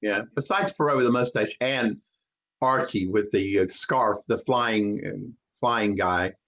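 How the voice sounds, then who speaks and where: A man hosting a casual cast talkback over a video call, halting and full of fillers. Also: fairly low pitch, fairly bright tone. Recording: muffled lo-fi video call audio.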